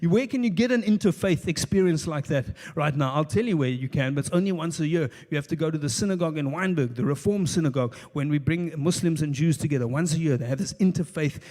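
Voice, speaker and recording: A man's voice: fairly high pitch, quick pace, hardly any pauses, a little mellow. A man with a South African accent doing a stand-up comedy routine. He tells rambling stories with lots of restarts and dry asides. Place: stage of a live show venue. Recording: echoey live venue.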